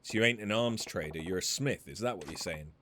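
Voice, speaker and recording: Man reading a cocky street tough, coarse slang, brash, mid pitch. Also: a little fast, pushed and bright, a little hiss or hum. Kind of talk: reading game dialogue aloud.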